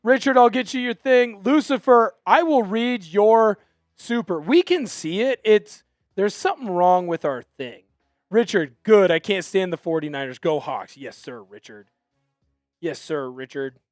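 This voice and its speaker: Excitable high-voiced male stream host. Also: dry recording, clean studio sound, faint music behind. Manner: excitable, chatty, quick to apologize. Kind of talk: fan play-by-play live stream.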